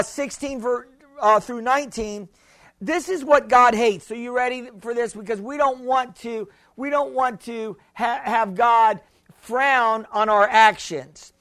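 A male pastor preaching with a strikingly high voice. He hammers points home with repetition and calls for an amen. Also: fairly bright tone. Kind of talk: sermon.

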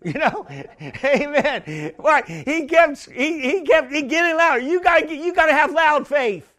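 Male preacher, very high voice, emphatic and repeating himself, building to shouts. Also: animated, measured pace. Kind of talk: sermon.

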